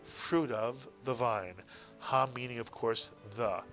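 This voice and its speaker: A man's voice: mid-range voice, slow, fairly bright tone, soft background music. A man teaching a recorded language lesson, patiently sounding out letters and syllables one at a time. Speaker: Hebrew teacher.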